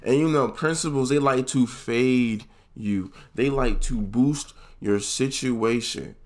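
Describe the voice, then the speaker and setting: A young man telling a comedic story from his school days in a casual, slangy, profane way, leaping into high voices when he quotes people. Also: takes it slowly, darkish tone.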